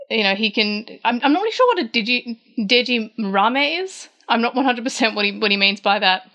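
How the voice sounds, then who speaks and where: An Australian podcast host chats her way through a manga chapter recap, pitching up her voice for quoted lines. Her mid-range voice is smooth with a fairly bright tone. She often uses fillers and restarts her sentences.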